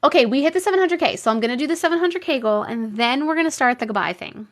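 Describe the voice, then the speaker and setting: Lively New York woman hosting a livestream. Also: high-pitched, fast. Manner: animated, exclaiming and laughing often. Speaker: live stream host reading viewer stories. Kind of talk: casual live stream chat.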